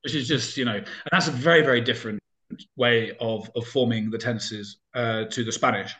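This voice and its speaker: A man's voice: mid-range voice, fairly even intonation, normal speed, fairly bright tone. A man chatting casually as an interview guest, talking in loose, rambling sentences full of fillers and restarts.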